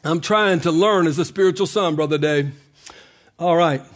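A male pastor preaching a sermon, often breaking into a sung cadence and climbing to shouts. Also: fairly high pitch, normal speed, a little hiss or hum.

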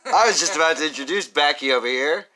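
A man's voice: fairly high pitch, quick pace, sharp tone. A man hosting a podcast in a rambling, joking chat, swearing freely. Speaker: podcast host. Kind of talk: casual chat.

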